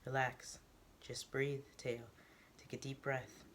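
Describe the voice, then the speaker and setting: A man puts on a calm young man easing a frightened patient. The voice is quiet, slow and gentle, fairly high for a man, never rising. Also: a little hiss or hum, close to an everyday voice. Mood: soothing. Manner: soft, slow and soothing.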